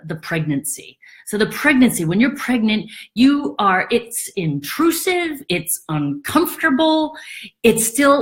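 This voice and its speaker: Animated woman comparing house selling to birth. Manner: animated, acts out quoted thoughts in a high voice. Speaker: realtor. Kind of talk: casual explainer monologue.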